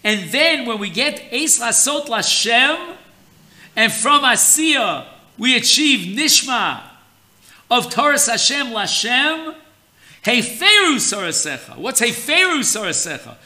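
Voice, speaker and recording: A man gives a Torah lesson at an unhurried, measured pace. His voice sits fairly high and has a very bright, sharp edge. He draws out his explanations deliberately, like a teacher guiding students. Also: big pitch swings. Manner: slow, deliberate teaching, mixing Hebrew terms.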